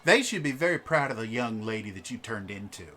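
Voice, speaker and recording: Brief: narrator voicing a bubbly society wife, swooping high voice, bright and loud. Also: lively intonation, fairly quick. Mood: insistent. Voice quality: high, sing-song, effusive. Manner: fawning, talks over her husband. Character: gushing, chatty noble wife who mothers strangers.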